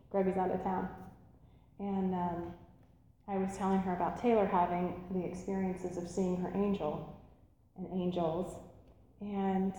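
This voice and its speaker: A woman preaching a sermon and telling stories, lively and animated, acting out voices as she goes. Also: on the low side, heavy reverb, big-room sound, slight background noise, low-quality recording. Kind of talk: sermon storytelling.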